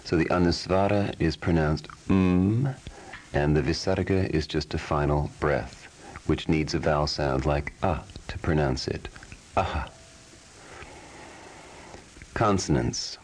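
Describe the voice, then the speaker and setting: A man giving a recorded language lesson, explaining sounds slowly and chanting drill syllables. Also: rumbling low, husky, poor audio. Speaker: language teacher.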